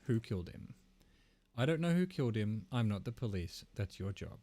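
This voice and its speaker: A man's voice: fairly low pitch, big pitch swings, normal speed, dark tone. A man voicing a grumpy middle-aged male hostel manager who talks curtly and sounds irritated. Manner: curt, irritated.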